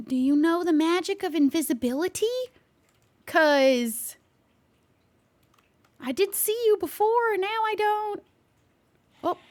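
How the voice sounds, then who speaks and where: A woman with a high, light voice streams a game in a loose, chatty way. She is jumpy and easily startled, and she keeps talking to a hidden player she can't spot. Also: darkish tone. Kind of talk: casual gameplay commentary with light role-play.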